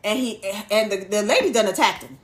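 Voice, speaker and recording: A woman co-hosting a podcast, casually recapping a movie in a loud, playful, profane way. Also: medium pitch, expressive, a little fast, over a noisy crowd. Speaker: podcast co-host.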